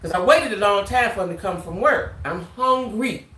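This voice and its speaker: Her medium-pitched voice comes across bright and forward as the woman vlogs, telling viewers a story animatedly and informally. "Right?" punctuates her lines again and again, and the room has a noticeable echo.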